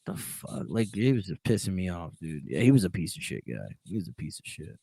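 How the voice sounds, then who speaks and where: A man's voice: deep voice, very animated, brisk, gravelly, slightly rough, dry recording. Profane man telling prison stories. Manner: profane storytelling with swings in loudness. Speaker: prison sergeant and podcast guest. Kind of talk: casual podcast chat.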